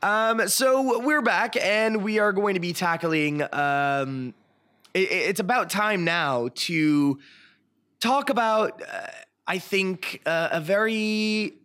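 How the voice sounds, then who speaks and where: A man hosting a casual film discussion podcast, frank and opinionated, pausing often with fillers and restarts. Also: sits high, pushed and bright. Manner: hesitant, many fillers and restarts. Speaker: podcast host.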